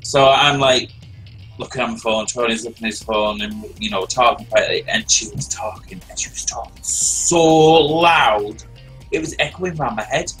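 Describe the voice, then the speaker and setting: A man's voice: mid-range voice, normal speed, rough recording. A man, hosting a stream and rambling through a long story in casual chat. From Britain. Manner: rambling and animated, repeats words while telling a story. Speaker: stream host. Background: faint background music.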